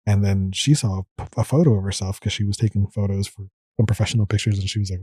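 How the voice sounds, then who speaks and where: A man's voice: on the low side, steady tone, fast, hardly any pauses, dark tone, husky, dry recording. A man in his thirties, a medical fellow and podcast guest, telling his story in a casual interview and acting out his own past thoughts.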